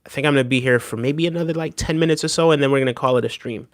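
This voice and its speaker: A man's voice: medium pitch, rapid-fire. A man streaming live, reacting to a video and answering his chat in an emphatic, casual way, often tagging his points with "right?". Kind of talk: casual livestream reaction commentary.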